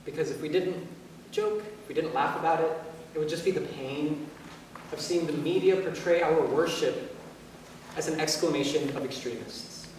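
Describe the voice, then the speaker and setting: A young man in his twenties with a high voice delivers a one-man stage monologue in a chatty, storytelling way, peppered with fillers. He is caught from far off in a big, echoing theater with a long reverb tail. A faint hum of room ambience hangs behind him. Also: moderate pace, darkish tone. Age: 20s. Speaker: solo stage performer. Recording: echoey hall from far off.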